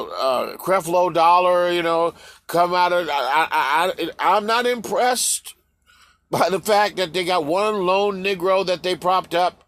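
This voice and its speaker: A man's voice: fairly high pitch, fairly bright tone. A man ranting in a heated, profane vlog, firing rhetorical questions and stumbling over restarts. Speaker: vlogger. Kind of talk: ranting commentary to camera.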